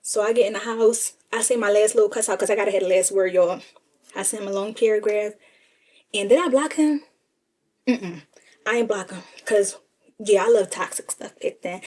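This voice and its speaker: Husky-voiced young woman telling a sassy story. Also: medium pitch, normal speed. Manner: sassy, animated, addresses listeners as y'all. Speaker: storyteller vlogger. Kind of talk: casual storytime.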